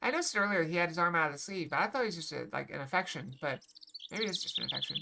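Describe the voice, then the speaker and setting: A woman's voice: low voice, animated, racing, vocal fry, very noisy. Chatty woman streamer rambling. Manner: chatty, rambling joking asides. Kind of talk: casual let's-play commentary. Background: loud game music.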